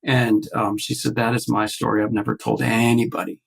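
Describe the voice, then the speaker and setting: Man, gravelly, casual storytelling, podcast guest, video call. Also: medium pitch, normal speed, poor audio. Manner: animated storyteller acting out quotes, many restarts.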